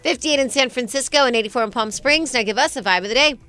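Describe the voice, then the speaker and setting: Playful higher-voiced woman co-host. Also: fast, bright, forceful tone. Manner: playful, laughs often, banters. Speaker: morning show co-host. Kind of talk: casual chat.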